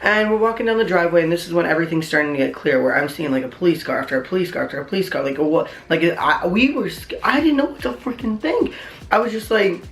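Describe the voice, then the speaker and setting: A young man vlogger telling a story in a casual, rambling way, full of "like" and excited asides. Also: fairly high pitch, racing, creaky, few pauses, reverberant. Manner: rambling, heavy on "like", excitable retelling.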